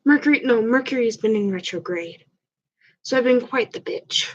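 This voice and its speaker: A woman vlogger talks casually to her viewers, her voice pitched a little high and audibly husky. She sounds stuffed up from an allergy and rambles through ums and restarts. The recording is dull and lo-fi. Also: normal speed. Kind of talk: casual chat to camera.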